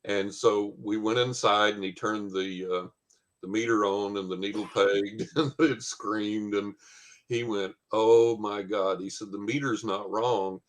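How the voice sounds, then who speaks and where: A man tells a long anecdote in a fairly low voice. He rambles along with many "uh"s and acts out what other people said. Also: fairly even intonation, a little slow, a bit bright. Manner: rambling anecdote with many fillers and quoted dialogue. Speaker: guest storyteller. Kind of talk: casual storytelling.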